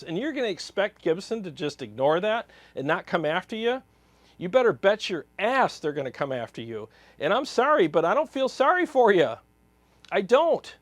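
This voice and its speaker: A man's voice: high voice, big pitch swings, moderate pace, no room sound. Blunt, heated man ranting. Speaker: guitar channel host. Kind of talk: opinion rant to camera.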